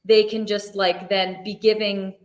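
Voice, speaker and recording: A woman's voice: mid-range voice, flat delivery, unhurried. Woman therapist chatting, lots of "like"s, sounds kinda roomy and echoey. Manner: thoughtful, many "like" fillers. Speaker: therapist guest. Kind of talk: casual discussion.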